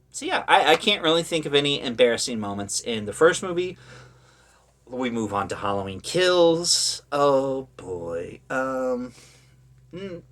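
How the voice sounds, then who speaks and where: A man's voice: medium pitch, a bit bright. A man talking casually about horror movies, rambling with lots of fillers and sarcastic asides. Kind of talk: casual opinionated commentary.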